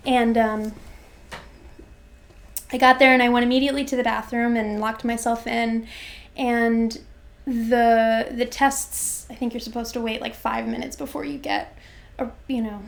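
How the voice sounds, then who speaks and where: A young woman in her twenties with a fairly high voice tells a personal story in an interview. She speaks reflectively and haltingly, pausing on fillers and restarting her sentences as she thinks. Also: level tone, vocal fry. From Florida, USA. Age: 20s.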